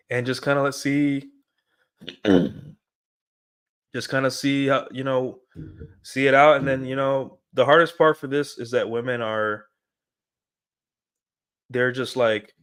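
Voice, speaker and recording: Brief: young male streamer, mid-pitched, loose rambling monologue with lots of fillers, addressing viewers. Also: fairly even intonation, normal speed, pauses often, a bit bright, clear, resonant tone. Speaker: streamer giving dating advice. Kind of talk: casual livestream monologue.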